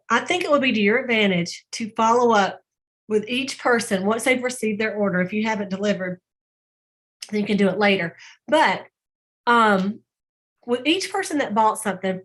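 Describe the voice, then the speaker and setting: A woman's voice: on the high side, a bit bright. A woman leading a sales team call, chatty and folksy, acting out little conversations as she coaches.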